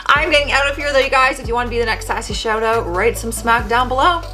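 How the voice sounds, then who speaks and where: A woman's voice: on the high side, fast talker, faint music behind. A young woman from Canada hosting a reaction video, talking in a chatty, sassy way from her bedroom. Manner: chatty, animated, sassy asides. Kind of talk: casual reaction commentary.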